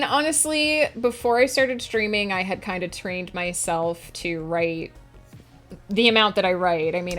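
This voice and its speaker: Speaking straight to her chat from home, this woman livestreams as a writer in an earnest, reflective, casual way. Her voice is fairly low in pitch with a fairly bright tone.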